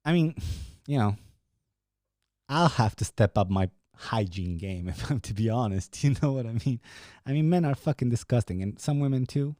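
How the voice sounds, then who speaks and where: A young man talking loosely to his viewers, swearing and laughing as he rambles from one thing to the next. His voice is warm and darkish, recorded close and dry with no room sound. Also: medium pitch, animated, moderate pace, no echo. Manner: rambling, profane, laughing often. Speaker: podcast host. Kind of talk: casual chat with live viewers.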